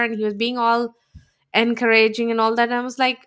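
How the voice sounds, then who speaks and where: A woman from India, co-hosting a podcast and telling stories in animated, casual chat, often laughing as she talks. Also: on the high side, brisk, clean tone. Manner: animated storytelling, laughs while talking. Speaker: podcast co-host.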